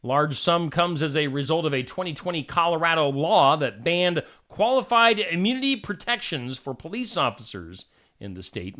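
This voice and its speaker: A man's voice: fairly high pitch, fairly bright tone. A male host reading odd news stories aloud and adding wry asides between them.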